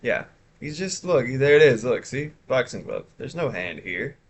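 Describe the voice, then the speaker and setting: A man's voice: medium pitch, very animated, normal speed, breathy edge. A man streaming live, chatting casually and rambling with chat while showing his art. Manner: rambling, chatty, self-interrupting.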